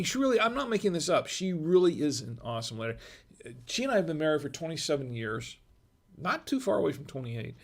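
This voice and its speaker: With a mid-range, creaky voice, the middle-aged host of a wine review show talks casually on a livestream. His chat rambles and digresses, punctuated by frequent chuckles.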